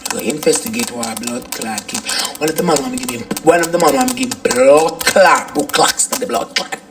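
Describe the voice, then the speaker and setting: A man's voice: fairly high pitch, very animated, normal speed, gravelly, fairly bright tone, a little hiss or hum, exaggerated voice. A man with a Jamaican accent voicing a crude, tearful wife in a comedy skit, full of patois slang and swearing, swinging between ranting and crying. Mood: angry.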